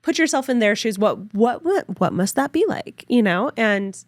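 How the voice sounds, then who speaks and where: A woman's voice: a little high, expressive, no room sound. Emphatic woman podcast co-host. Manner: emphatic, quick agreement, blunt asides. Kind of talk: casual chat.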